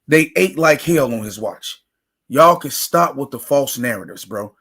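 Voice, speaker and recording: A man's voice: medium pitch, animated, unhurried, a bit bright, husky. A man hosting a sports talk livestream, ranting emphatically and greeting chat viewers by name. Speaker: sports talk show host. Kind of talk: casual livestream commentary.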